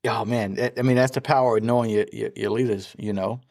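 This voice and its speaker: A man's voice: fairly low pitch, fairly even intonation, brisk, creaky, a little mellow, no room sound, studio quality. A man who is a military officer, a guest in a casual conversation, thinking aloud in a reflective way.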